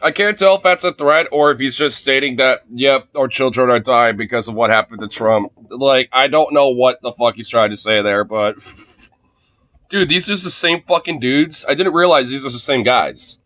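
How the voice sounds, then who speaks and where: A man's voice: medium pitch, normal speed, bright, forceful tone, dry recording. A man streaming live, reacting to clips with casual, profane, mocking commentary and frequent laughter.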